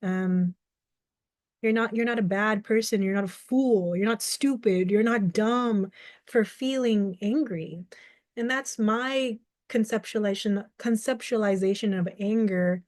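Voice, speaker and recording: Speaking at a medium pitch and an unhurried pace, this slightly mellow-voiced young woman is a mental health advocate sharing thoughtful, sincere video commentary. She illustrates her perspective with ordinary examples and performs short quoted dialogues, all captured dry at studio quality.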